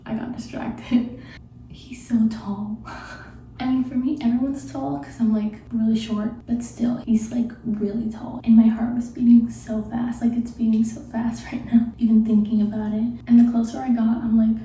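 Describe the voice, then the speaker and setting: Hushed, giggly young woman in an echoey room. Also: fairly high pitch, level tone, normal speed, slight background noise. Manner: hushed, half-whispered, giggly and gushing. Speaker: vlogger. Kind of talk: late-night storytime. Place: room at night before bed. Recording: very echoey room, mic far off.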